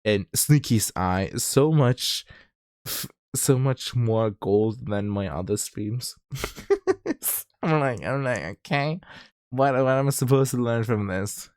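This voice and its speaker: A man's voice: mid-range voice, slow, clean tone, no echo, studio quality. A man with a German accent and a slight lisp, chatting casually on a livestream, giggly and full of "like" fillers. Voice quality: slightly lispy. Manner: animated, giggly, many "like" fillers. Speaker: streamer. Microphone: streaming mic.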